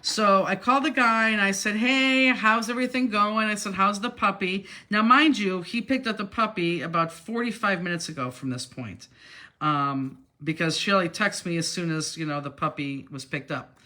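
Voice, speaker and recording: Chatty lady craft teacher rambling thru a story while she cuts, bright forward voice. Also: fairly low pitch, moderate pace. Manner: chatty and rambling, acting out other people's words. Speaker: crafting instructor.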